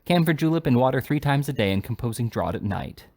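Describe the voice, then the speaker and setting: A man voicing a complacent young doctor with a smooth, professional bedside manner. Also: mid-range voice, lively intonation, fast talker, a little mellow. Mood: smug. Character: smug young male doctor, falsely soothing.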